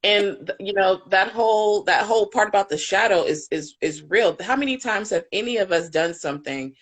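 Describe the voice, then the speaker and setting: An impassioned woman coach talks openly about raising her child in a live panel conversation. Her voice sits at an ordinary middle pitch. She speaks frankly and drops swear words without hesitation. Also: animated, normal speed. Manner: candid, impassioned, swears freely. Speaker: parent coach.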